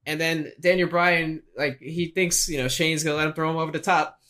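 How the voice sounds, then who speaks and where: Male podcast co-host, fairly high voice, bright and sharp tone, eager. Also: fairly even intonation. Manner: eager, fast, jumps in with interruptions. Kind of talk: casual podcast chat.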